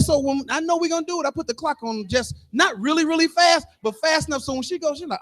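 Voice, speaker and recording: A man in his fifties performing live stand-up comedy in a bar, loud and animated, acting out characters as he goes. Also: very high-pitched, fast, few pauses. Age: 50s. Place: bar stage.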